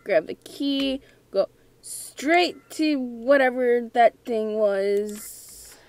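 A woman's voice: a little high, very slow, a little mellow. A young woman playing a scary game at home, talking nervously and giggling to herself. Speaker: gamer. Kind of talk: let's play commentary.

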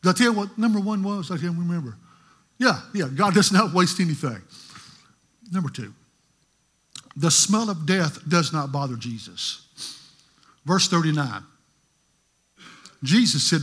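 A pastor preaching a sermon, telling stories in a voice that moves from hushed to emphatic. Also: male voice, fairly high pitch, expressive, a little slow, long pauses, husky. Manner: storytelling, shifting from hushed to emphatic.

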